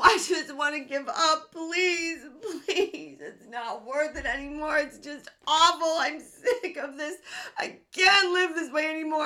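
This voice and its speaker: A woman's voice: very high voice, voice pushed up, exaggerated voice. A woman acting out a despairing, sobbing wounded inner child who wails, cries and half-laughs through her words. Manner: wailing, crying and half-laughing, shouting.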